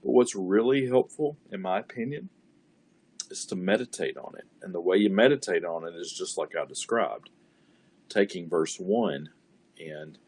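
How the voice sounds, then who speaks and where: Low-voiced man leading a Bible study. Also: a little mellow, slightly rough. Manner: reflective, conversational, repeats key words for emphasis. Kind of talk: online Bible study teaching. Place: church streaming an online service.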